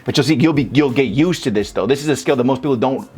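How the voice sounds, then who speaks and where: A man's voice: mid-range voice, quick pace, a little mellow, slightly rough. A young man giving a loose, casual rap lesson, cursing freely and breaking lyrics down vowel by vowel. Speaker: rap teacher. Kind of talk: casual tutorial talk.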